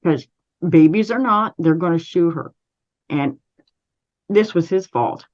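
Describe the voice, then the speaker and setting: A Canadian woman, an interview guest, recounting a personal story in a measured, steady way with frequent restarts. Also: lowish voice, highs cut off.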